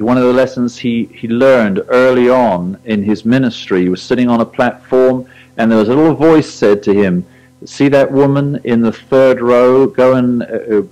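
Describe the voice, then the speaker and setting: Older English preacher, low voice. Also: male voice, a little mellow, rough recording. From England. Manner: anecdotal, halting with many fillers. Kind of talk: sermon with personal stories.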